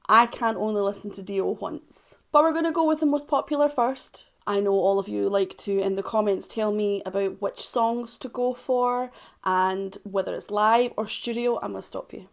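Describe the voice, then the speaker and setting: A Scottish woman with a raised pitch and a fry-edged voice talks casually as a music reaction host. She is chatty and self-mocking. She swings between loud remarks and hushed asides. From Scotland.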